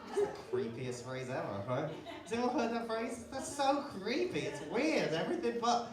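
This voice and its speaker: A man's voice: high-pitched, very animated, moderate pace. A man doing a stand-up comedy set in a pub, chatting with the crowd, swearing often and checking in with "right?" as he tells his stories. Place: comedy pub stage before a live audience. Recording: echoey pub room, distant mic, audience laughter.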